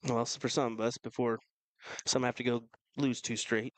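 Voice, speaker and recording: A man co-commentating live darts with relaxed, teasing banter. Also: mid-range voice, normal speed, no echo.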